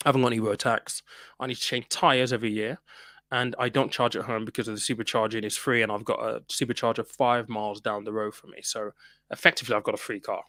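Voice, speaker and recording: A man, hosting a casual personal finance chat and reading out viewer comments, chatty and quick to laugh, with many restarts. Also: lowish voice, flat delivery, fairly bright tone, no room sound. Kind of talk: casual live-stream chat.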